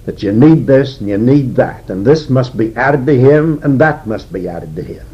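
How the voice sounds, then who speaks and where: An older man preaching an expository sermon as a Bible teacher, slow and deliberate with frequent pauses. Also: mid-range voice, animated, husky. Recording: dull lo-fi recording.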